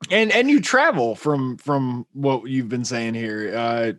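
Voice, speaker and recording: A man's voice: mid-range voice, lively intonation, takes it slowly, fairly bright tone, dry recording. Laid-back man with dry wisecracks. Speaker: podcast host. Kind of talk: casual podcast chat.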